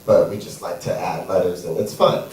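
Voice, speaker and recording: A man's voice: deep voice, fairly even intonation, moderate pace, darkish tone, a little hiss or hum. A man performing a stand-up comedy set on a theater stage, sassy and playful, drawing out his punchlines. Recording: echoey room, far from mic.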